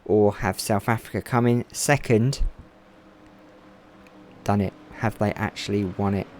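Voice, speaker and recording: A man giving excited race commentary over a racing game from home, his voice climbing when the action gets close. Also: on the low side, measured pace, slight background noise.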